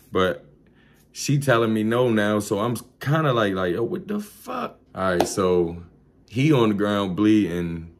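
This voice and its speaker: A young man from tells a storytime vlog, animated, profane and slangy, with sound effects. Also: sits low. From Baltimore. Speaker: vlogger.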